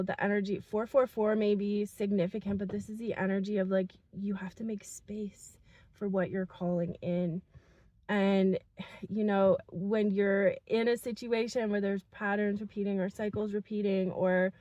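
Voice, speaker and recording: A young woman giving an intuitive spiritual message to her viewers, soft and earnest, with many fillers and moments of emotion. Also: mid-range voice, dry recording, dull audio. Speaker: spiritual channel reader.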